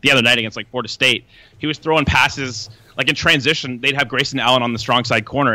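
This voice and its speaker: A man who is a guest draft analyst on a podcast, talking casually and in fast detail about players. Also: medium pitch, pushed and bright, dry recording. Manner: fast, detailed scouting talk. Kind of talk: casual basketball draft chat.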